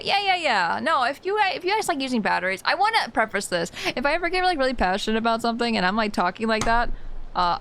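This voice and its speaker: A woman's voice: fairly high pitch, a bit bright, slight background noise. A woman streaming a game live, chatting casually in a passionate way and laughing often. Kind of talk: casual live-stream chat while gaming.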